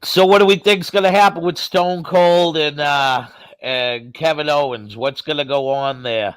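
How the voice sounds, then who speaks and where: Slow-talking man hosting a podcast. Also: fairly high pitch, clear, resonant tone, dry recording. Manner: laughs often, swears freely. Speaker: podcast host. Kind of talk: casual wrestling chat.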